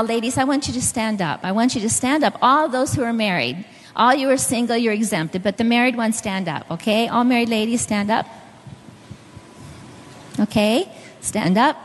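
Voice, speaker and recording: A woman's voice: on the high side, long reverb tail. A middle-aged woman preaching a sermon, telling stories and speaking directly to the congregation. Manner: storytelling, directly addressing the audience.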